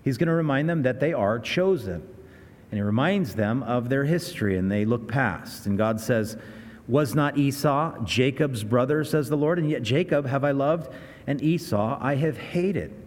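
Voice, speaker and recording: A man's voice: medium pitch, normal speed, a little mellow, big-room sound. A man preaching a sermon, earnest and conversational, often restarting his sentences. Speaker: pastor.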